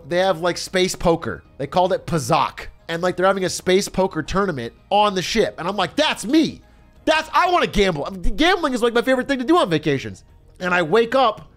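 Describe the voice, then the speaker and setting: Male streamer, high-pitched and very lively, swears and laughs through casual storytelling. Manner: animated, laughing, swearing often.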